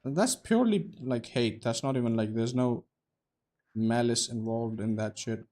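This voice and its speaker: A man's voice: mid-range voice, normal speed, darkish tone. A young man giving casual, profane, joking commentary while streaming a game, rambling between stories and play.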